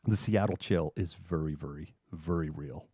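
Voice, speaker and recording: A man's voice: extremely low pitch, normal speed, warm tone, husky, dry recording. A middle-aged man from Massachusetts, hosting a livestream in casual, sarcastic chat. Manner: chatty, sarcastic, acts out quoted people. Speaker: livestream host. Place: home room.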